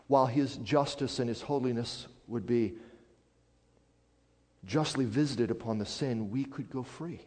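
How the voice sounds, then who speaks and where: A man preaching a sermon as a pastor, swinging from hushed, quiet passages up to loud, emphatic declarations. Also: mid-range voice, unhurried. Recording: long hall reverb.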